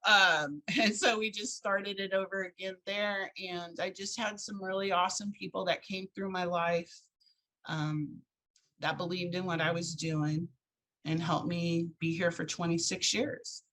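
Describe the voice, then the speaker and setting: Bright-voiced woman telling her story. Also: on the low side, unhurried, poor audio. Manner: animated storyteller acting out quoted voices, laughs often. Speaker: guest, founder of a charity for women in crisis. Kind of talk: casual storytelling interview.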